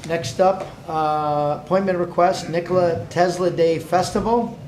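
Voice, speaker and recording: A man's voice: high voice, fairly even intonation, a little slow. A man chairing a city council meeting from a desk microphone, with informal, friendly procedural talk. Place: council chamber. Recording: echoey chamber with background noise.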